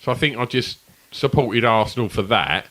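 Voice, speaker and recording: A man's voice: medium pitch, normal speed, a bit bright. A man co-hosting a podcast, trading dry wisecracks and laughing in casual banter. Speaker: podcast co-host.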